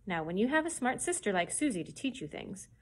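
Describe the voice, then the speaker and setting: A woman's voice: mid-range voice, sing-song, fairly quick, slightly rough. Kindly old drifter, soothing and patient, read by a woman. Storybook. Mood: reasoning. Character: kindly older male hobo.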